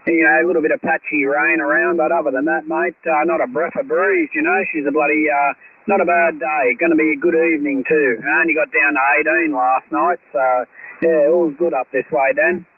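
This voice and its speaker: An easygoing Australian man trades casual, matey chatter as a CB radio operator. His voice sits fairly high. It comes through a thin, narrow radio channel with a faint hiss underneath. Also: fairly quick. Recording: hissy CB radio transmission.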